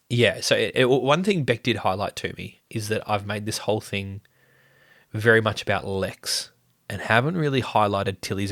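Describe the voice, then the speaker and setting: A man, telling a story in a loose, rambling way. His voice sits low and the sound is dry and close, with no room around it. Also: fairly bright tone, dry recording. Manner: chatty, rambling, many fillers and restarts. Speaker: family vlogger, father. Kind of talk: casual storytelling.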